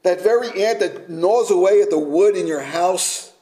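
A man preaching a sermon slowly and emphatically, sometimes dropping to a near-whisper for effect. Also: high-pitched, dark tone, rough recording.

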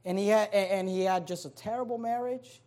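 A man, a pastor, preaching a sermon in a folksy, conversational way. He reads scripture aloud and swings between loud emphasis and quiet asides. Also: high voice, moderate pace. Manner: reads scripture aloud in King James wording.

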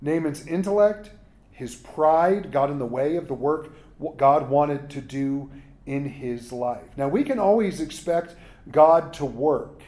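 Mellow-voiced pastor, chatty sermon. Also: male voice, on the high side, slow. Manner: casual, asks "right?" often, jokes with listeners. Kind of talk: conversational sermon.

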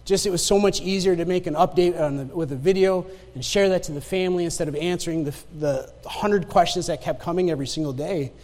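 A man's voice: on the high side, quick pace, few pauses, a little mellow. A male pastor preaching a sermon, telling a personal story with emphatic repetition and asking the congregation for an "Amen.". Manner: emphatic, repeats key phrases, asks the congregation "Amen?". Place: church sanctuary. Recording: long reverb of a church hall.

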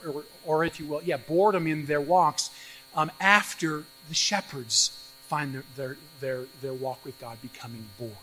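Guy preaching a sermon, pretty high voice, gets loud and acts out the doubters, little mains hum. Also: low-quality recording. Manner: animated, acts out voices of doubters with sudden jumps in pitch and volume. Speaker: pastor. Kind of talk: expository sermon.

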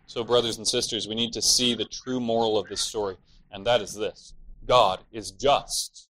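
A man's voice: on the low side, steady tone, moderate pace, fairly bright tone, low-quality recording. A man preaching an expository sermon, explaining scripture earnestly and at times voicing the villains' laments in a mocking tone.

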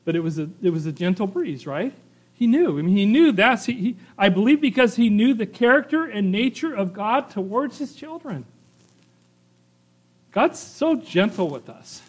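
A middle-aged man with a high-pitched voice preaches a sermon to his congregation. He talks in a loose, conversational way, reads passages aloud and tosses in "right?" and "you know" between points. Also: very animated, normal speed. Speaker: pastor.

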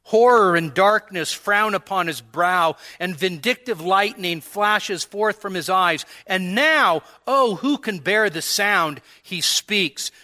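A male pastor preaches at a church service with a high-pitched voice that rings bright and keen. He takes his time, drawing out each phrase. His reading of old-fashioned sermon prose is solemn and dramatic. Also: slow, hardly any pauses.

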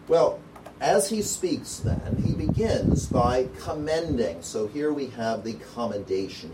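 A man preaching an expository sermon, earnest and emphatic, repeating key phrases as he works through a Bible passage. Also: mid-range voice. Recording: echoey room mic, distant, noisy.

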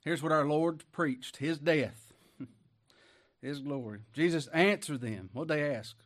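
Folksy, emphatic preacher man. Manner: swings from loud, slow scripture reading to quiet, low asides; folksy, emphatic, asks rhetorical questions. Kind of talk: sermon with scripture reading.

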